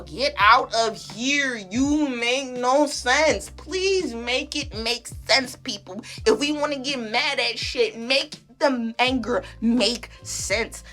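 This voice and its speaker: Casting: bright, forceful woman podcaster, heated and profane, faint music under her voice. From half Belizean family. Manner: animated, emphatic, profane, swings from loud to low. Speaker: podcast host. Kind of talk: heated solo podcast rant.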